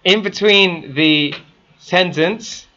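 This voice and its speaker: Man, teacher, interactive classroom lesson, quizzes students, bright voice, muffled lo-fi sound. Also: high voice, extremely slow. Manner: quizzes the class with frequent questions.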